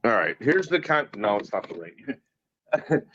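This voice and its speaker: A man's voice: mid-range voice, very animated, takes it slowly, a bit bright, slight background noise. A man on an online panel, explaining his view carefully and insisting on finishing his sentences. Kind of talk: heated online panel debate. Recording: dry, dull lo-fi call audio.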